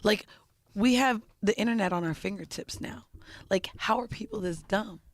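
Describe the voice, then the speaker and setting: A woman's voice: medium pitch, moderate pace, no room sound, clean studio sound. A young woman co-hosting a podcast, blunt and teasing in casual chat. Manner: blunt, teasing, laughs easily. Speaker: podcast co-host.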